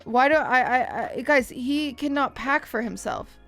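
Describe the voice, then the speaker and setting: Lively young woman streamer telling a story. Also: high-pitched, soft background music. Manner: animated, swears freely, mimics others in quick asides. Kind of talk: casual storytelling to stream viewers.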